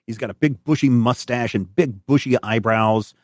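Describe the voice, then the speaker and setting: A man narrating as game master of a tabletop game, relaxed and descriptive. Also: medium pitch, moderate pace, no room sound, clean studio sound.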